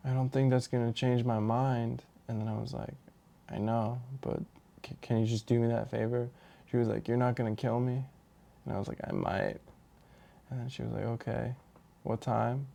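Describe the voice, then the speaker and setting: Halting gravelly man telling a story. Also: medium pitch, warm tone. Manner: rambling, halting, with repeated restarts and fillers. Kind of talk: casual storytelling monologue.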